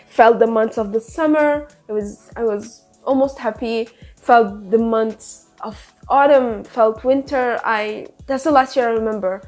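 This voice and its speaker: A woman's voice: fairly high pitch, unhurried, darkish tone, soft background music. A woman in her twenties giving a casual monthly reading wrap-up, gushing over books, repeating herself and swearing casually. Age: 20s. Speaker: book reviewer.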